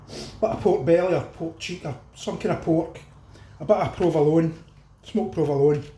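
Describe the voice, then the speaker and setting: A man's voice: a little high, dark tone, reverberant. Chatty Scottish man tasting his cooking. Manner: chatty, addresses viewers as folks, eats while talking. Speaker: cooking channel host. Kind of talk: casual cooking vlog, tasting food.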